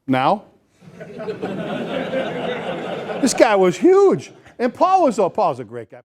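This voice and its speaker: A man speaking as a fire chief at a seminar, energetic and folksy, repeating phrases for emphasis. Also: sits high, drawn-out words, background noise. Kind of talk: motivational seminar talk to firefighters. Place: seminar room before a live audience.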